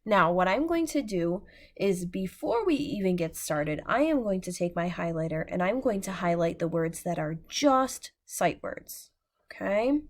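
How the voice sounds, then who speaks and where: An American woman teacher patiently gives a slow phonics lesson over a shared screen, sounding out words one letter at a time. Her voice is on the low side and expressive.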